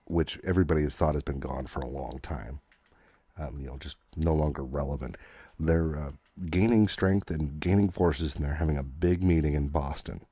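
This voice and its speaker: Super low-voiced guy rambling thru a comic recap, dark mellow tone, dry close sound. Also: normal speed, breathy edge, no echo. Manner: rambling, with many fillers and restarts. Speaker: podcast host. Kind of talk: casual chat recapping comics.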